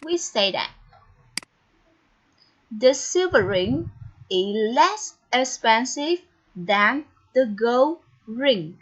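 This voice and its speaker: Slow, high-voiced woman teacher. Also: expressive, breathy edge. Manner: slow, deliberate, encouraging. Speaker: English teacher. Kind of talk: online English lesson. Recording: dull, lo-fi recording with faint noise.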